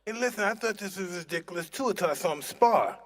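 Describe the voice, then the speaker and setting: A man speaking as a boxing trainer in an interview, rambling and halting. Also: high-pitched, expressive.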